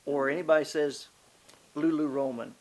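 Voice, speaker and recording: A male interviewer speaks slowly and earnestly to his guest. His voice sits a little higher than most men's. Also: steady tone, darkish tone, poor audio. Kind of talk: sit-down interview.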